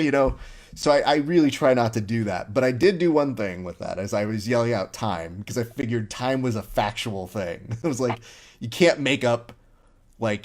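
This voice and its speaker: A man's voice: mid-range voice, moderate pace. A man hosting a casual interview, telling stories with energy and acting out the lines he quotes. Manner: animated storyteller who acts out quoted lines. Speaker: podcast host.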